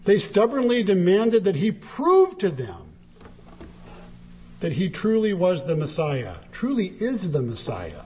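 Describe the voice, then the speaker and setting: Male preacher, sermon, emphatic, high voice, very lively pitch. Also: unhurried. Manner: animated, emphatic, dramatic shifts in pitch when quoting.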